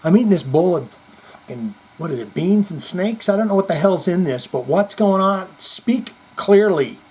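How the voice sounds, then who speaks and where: A man doing an exasperated Luke, shouting high. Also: animated, moderate pace, slightly rough. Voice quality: shouty, profane, incredulous. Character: exasperated young male space hero, baffled and demanding.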